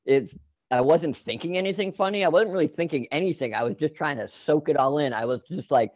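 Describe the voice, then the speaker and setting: A man's voice: fairly high pitch, brisk, darkish tone, no room sound. A man telling a long personal story in casual chat, rambling with many fillers and restarts.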